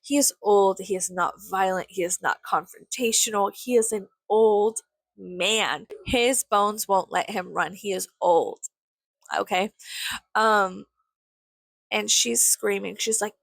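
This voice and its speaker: A woman's voice: medium pitch, measured pace, gravelly, dry recording. A woman telling a story in a casual, rambling rant, sarcastic and full of swearing. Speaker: vlogger.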